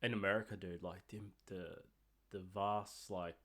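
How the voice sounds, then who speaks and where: Chatty low-voiced Australian host. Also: male voice, measured pace. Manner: chatty, animated, filler-heavy with "like" and "dude". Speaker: podcast host. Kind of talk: casual chat.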